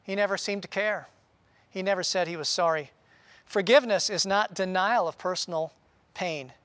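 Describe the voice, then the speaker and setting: A man preaching a sermon in an earnest, conversational way, often pausing with "uh". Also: high-pitched, fairly bright tone, no room sound. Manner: earnest, conversational, with frequent "uh" pauses. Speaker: pastor.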